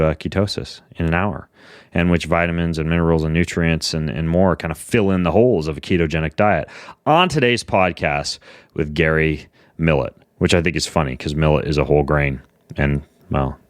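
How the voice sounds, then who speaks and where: A man hosts a podcast in a casual, rambling manner, slipping quirky and self-mocking jokes into his sponsor reads. His voice sits very low. The sound is dry, with no room echo. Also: brisk. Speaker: podcast host. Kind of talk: casual podcast intro and ad read.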